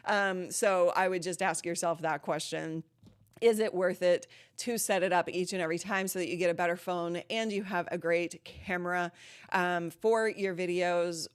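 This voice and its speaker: A woman hosting a live streaming Q&A from her home studio, chatting casually with lots of ums and laughs, a bit out of breath. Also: on the low side. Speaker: live streaming channel host.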